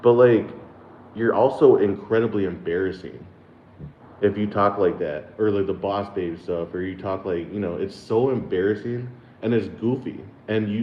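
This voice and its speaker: A man in his thirties from the United States rambles through a casual chat with his viewers, swearing freely and laughing often. His voice sits fairly low. The sound is roomy and a little dull, with a faint background hiss. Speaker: channel host.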